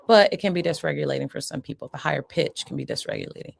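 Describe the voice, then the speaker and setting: A woman's voice: low-pitched, animated, fast talker, vocal fry, hardly any pauses, husky. A middle-aged woman psychiatrist giving an educational talk in a conversational, explanatory way, often checking in with the listener.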